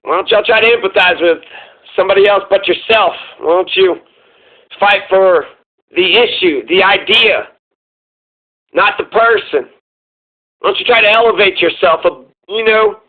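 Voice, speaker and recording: Profane high-voiced male commentator, tinny sound. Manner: profane, heated and sarcastic. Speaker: political commentary host. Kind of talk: casual reaction commentary.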